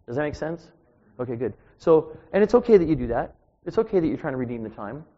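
A man's voice: a little high, sing-song, fast talker, mellow. Man in his 60s preaching in an echoey church. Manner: informal, self-deprecating, chatty asides to the congregation. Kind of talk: conversational sermon with personal stories. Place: church, at the pulpit. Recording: dull, echoey church recording.

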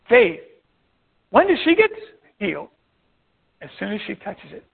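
A man with a notably high voice preaches with animated delivery, acting out the voices of the people in his stories. The sound is thin and tinny, as if it came down a phone line. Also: a little slow, vocal fry, long pauses, husky. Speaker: pastor. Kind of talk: sermon.

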